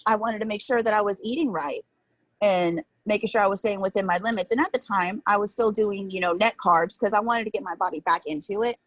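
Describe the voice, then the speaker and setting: A woman's voice: mid-range voice, no room sound, rough recording. A woman in her thirties, an interview guest telling a candid personal story in an earnest, emotional, rambling way.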